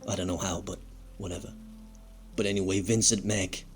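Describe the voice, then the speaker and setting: A man's voice: sits low, fairly even intonation, normal speed, faint music behind, lightly acted. A man playing a crude, bitter fired wrestler who rambles and swears in a comedic monologue. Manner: foul-mouthed, rambling, self-pitying.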